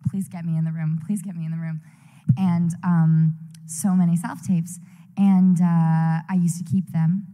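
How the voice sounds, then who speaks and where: A young woman talks candidly on a panel, teasing and chatty. Her tone is mellow and warm rather than bright. A long hall reverb hangs behind her mic. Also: on the low side, level tone, unhurried. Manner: frank, chatty, playfully pushy. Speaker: actress on a convention panel. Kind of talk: casual panel chat. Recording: echoey convention hall on a mic.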